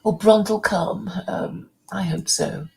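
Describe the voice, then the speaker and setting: A woman hosting a livestream in casual chat, rambling with many restarts and soft, half-whispered asides. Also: mid-range voice, slow, creaky, poor audio. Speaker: livestream host.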